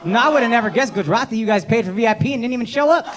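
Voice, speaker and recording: A man's voice: extremely high pitch, animated, rapid-fire, heavy background noise. Brash, profane stand-up man in a club. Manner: brash, profane, teasing audience members. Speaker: stand-up comedian. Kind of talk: crowd work stand-up. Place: comedy club stage. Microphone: handheld stage mic. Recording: live club set with loud crowd laughter. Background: audience laughter and clapping.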